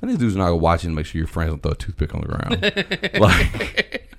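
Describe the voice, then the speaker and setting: Very deep-voiced man telling a story. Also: very fast. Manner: animated, swears, quotes friends. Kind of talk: casual chat, storytelling.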